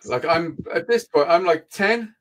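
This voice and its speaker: A man with a slightly high voice tells rambling childhood stories in casual chat. He swears constantly and keeps the story going with fillers. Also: very animated, unhurried, fairly bright tone. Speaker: show host, storyteller. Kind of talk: casual live-stream chat.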